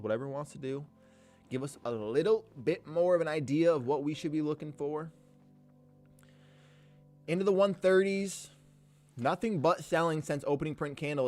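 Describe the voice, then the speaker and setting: A man hosting a live trading stream, giving casual, energetic commentary full of slang, occasional swearing and shout-outs to viewers. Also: mid-range voice. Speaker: livestream host and day trader.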